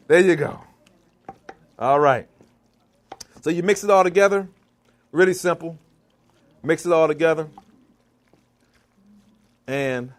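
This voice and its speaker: High-voiced preacherly vegan chef. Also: male voice. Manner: preacherly, calls out to the crowd. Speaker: vegan chef giving a cooking demo. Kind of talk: lively cooking demonstration to a live audience. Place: church hall kitchen.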